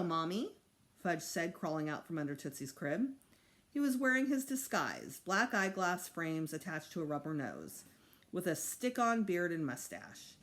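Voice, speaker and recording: A woman teacher reading a children's chapter book aloud with expressive narration. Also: lowish voice. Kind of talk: storybook read-aloud.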